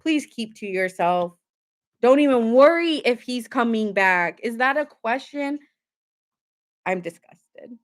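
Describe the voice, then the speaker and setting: A woman's voice: on the high side, lively intonation, slow pace. A young adult woman giving a casual tarot reading to camera, talking emphatically with lots of filler words and open indignation. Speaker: tarot reader.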